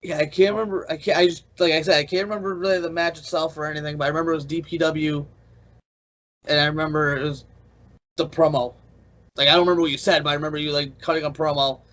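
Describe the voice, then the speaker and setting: A man's voice: fairly high pitch, fairly even intonation, fairly bright tone. A man co-hosting a podcast, eagerly recalling old backstage stories and laughing along. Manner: rapid, eager storyteller who laughs along. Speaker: podcast co-host. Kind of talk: casual chat, recalling stories. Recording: muffled lo-fi recording.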